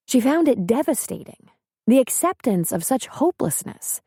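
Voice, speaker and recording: A woman narrating an audiobook in a measured, even storytelling manner. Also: high voice, slightly rough, no room sound, clean studio sound.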